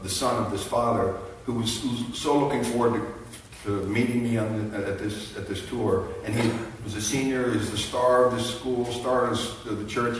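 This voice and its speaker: A middle-aged man telling an emotional personal testimony to a men's conference crowd, halting with many restarts. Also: on the low side, a little hiss or hum. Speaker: conference speaker. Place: large conference hall. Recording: echoey hall, heard from a distance.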